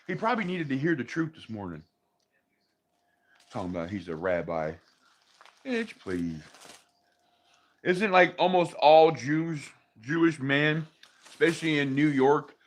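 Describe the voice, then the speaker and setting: Profane, animated livestreaming man. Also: mid-range voice. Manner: profane, irritated ranting; talks to viewers and his dogs. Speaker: livestream host. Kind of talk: casual livestream chat.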